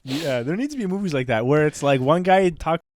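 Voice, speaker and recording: A young man co-hosting a casual comedy podcast, telling stories in an animated way and laughing often as he acts out movie lines. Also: on the high side, brisk, no room sound. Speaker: podcast co-host.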